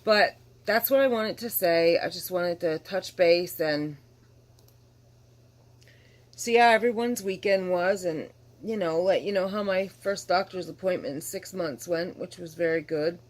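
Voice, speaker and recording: Tired, rambling low-voiced woman vlogger. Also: unhurried. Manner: rambling, candid, apologetic, yawning. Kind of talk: casual vlog chat to camera.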